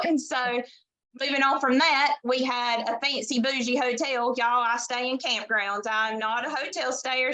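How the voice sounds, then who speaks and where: A woman's voice: on the high side, pushed and bright, low-quality recording. A woman, a team leader sharing her success story in a folksy, casual way on a video call, saying "y'all" often.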